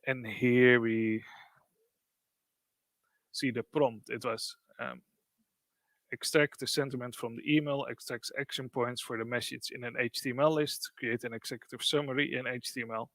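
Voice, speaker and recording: A man presenting a live software demo, explaining in loose, casual phrasing with frequent fillers. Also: mid-range voice, fairly even intonation, normal speed, dry recording.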